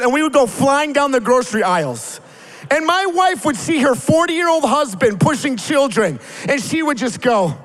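A man in his forties preaching a sermon, telling stories in an animated way and building to emphatic calls. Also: very high voice, long reverb tail. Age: 40s. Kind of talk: sermon with storytelling.

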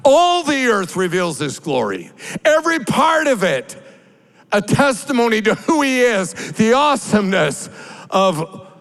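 Guy pastor preaching, kinda high voice, gravelly, gets loud and stretches words out. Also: very animated, poor audio. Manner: builds to shouted, drawn-out cries. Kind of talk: sermon.

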